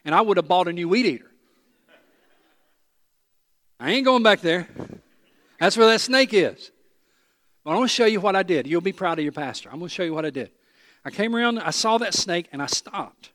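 A pastor, from East Tennessee, preaching a sermon with animated storytelling, self-deprecating humor and emphatic repetition. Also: male voice, sits high, a little fast, pauses often, no echo, studio quality.

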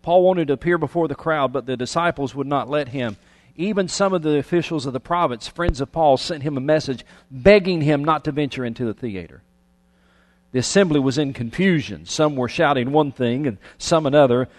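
A man preaching a sermon, reading scripture aloud and breaking off into lively, conversational asides. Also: a little high, normal speed, long reverb tail. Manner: animated, conversational preaching with restarts. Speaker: pastor.

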